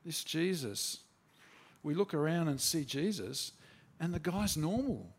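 A man speaking as a bewildered male disciple, retelling events in the first person in a sermon, with excited rising outbursts. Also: on the high side, measured pace, husky, heavily acted. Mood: animated storytelling.

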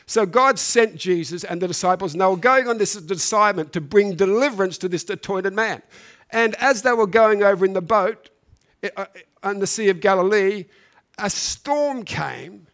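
A man's voice: high voice, normal speed, a bit bright. A man preaching a sermon, reading scripture and then speaking earnestly, building to emphatic peaks and often restarting his phrases.

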